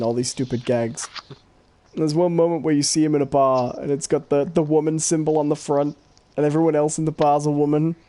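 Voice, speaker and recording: A man's voice: on the high side, warm tone. A man co-hosting a podcast, chatting casually with dry, teasing humor. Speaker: podcast co-host. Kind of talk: casual chat.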